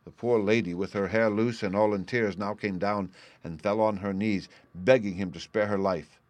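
A man with a fairly low voice reads a fairy tale aloud in a measured, steady storybook manner. The sound is dry and close, with no room around it. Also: no echo. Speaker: audiobook reader. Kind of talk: storybook narration.

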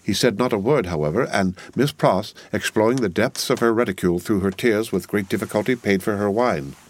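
A man narrating a classic novel in a measured, literary storytelling manner. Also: lowish voice. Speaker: audiobook narrator. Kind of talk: scripted narration. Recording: dry close studio sound.

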